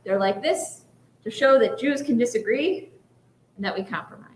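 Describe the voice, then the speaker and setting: Casting note: woman rabbi, high voice, chatty sermon full of "right?", echoey sanctuary. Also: expressive, moderate pace, a little mellow. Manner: conversational, often adds "right?". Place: synagogue sanctuary.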